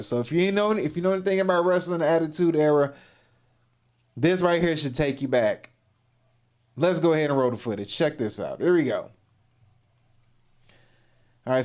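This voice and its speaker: A man's voice: a little high, darkish tone. A man hosting a livestream, giving casual, exclamatory reaction commentary and laughing often. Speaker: livestream host.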